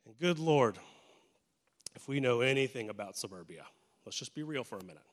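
A man's voice: medium pitch, expressive, fairly quick. A male pastor preaching a sermon in a church, conversational and joking with emphatic turns. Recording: echoey church hall.

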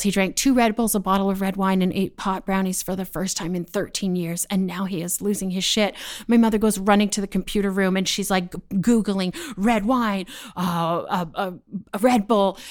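Animated, profane woman telling a stand-up story. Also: medium pitch. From Canada. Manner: animated, profane, laughing mid-sentence. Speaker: stand-up comedian.

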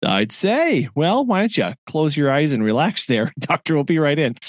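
A man's voice: fairly high pitch, big pitch swings, normal speed, no room sound, studio quality. A middle-aged man co-hosting a podcast, telling a story in casual chat and laughing often. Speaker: podcast co-host.

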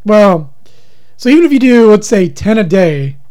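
A man's voice: high-pitched, very animated, normal speed, dark tone. A man co-hosting a podcast, rambling earnestly and talking himself in circles. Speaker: podcast co-host. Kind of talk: casual comedic banter.

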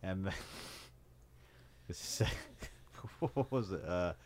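A man's voice: sits low, extremely slow, a little hiss or hum. Easygoing male podcast co-host. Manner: relaxed, stumbles and restarts, quotes lines. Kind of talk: casual chat recapping a TV episode.

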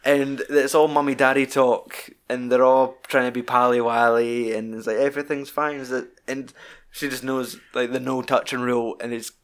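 A young man chats casually about a film, retelling scenes with animated energy and constant swearing. His voice sits at an ordinary middle pitch, and he keeps the tone of an easygoing podcast co-host. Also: normal speed.

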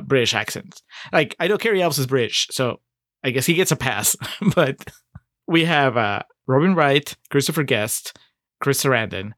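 A man's voice: medium pitch, a bit bright, dry recording, studio quality. A man co-hosting a podcast, wryly picking apart a film and laughing often. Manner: wry, laughs often, pokes holes in the plot. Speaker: podcast co-host. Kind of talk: casual movie review chat.

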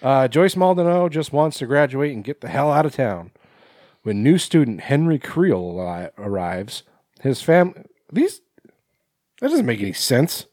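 Guy podcast host reading news out loud, trips over words, swears, laughs a lot, lively pitch, dry close mic. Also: moderate pace, no echo. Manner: laughing, profane, stumbles while reading. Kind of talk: casual chat, reading news aloud.

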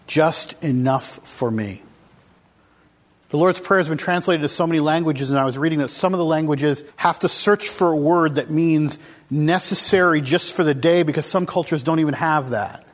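A man's voice: fairly high pitch, normal speed. A man preaching a casual, conversational sermon to a congregation, asking them questions as he goes. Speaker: pastor. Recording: long hall reverb.

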